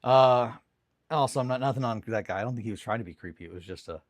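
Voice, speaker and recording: A man's voice: medium pitch, quick pace, no room sound. A young man hosting a morning hobby show, telling a rambling story in a casual, self-deprecating way with the odd swear. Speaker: hobby stream host. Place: home hobby desk.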